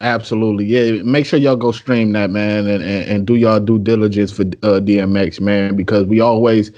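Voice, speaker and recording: A man's voice: fairly low pitch, fairly even intonation, moderate pace, dark tone, highs cut off. A man hosting a podcast, asking questions in a laid-back casual way, full of fillers. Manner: laid-back, many yeahs and you-know fillers. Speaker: podcast host.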